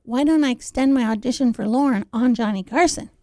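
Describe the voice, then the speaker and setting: A woman with a high, bright-pitched voice tells stories as a radio guest, animated and quick to act out each person she mentions. The sound is dry and close, with no room around her. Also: dry recording. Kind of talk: casual storytelling chat.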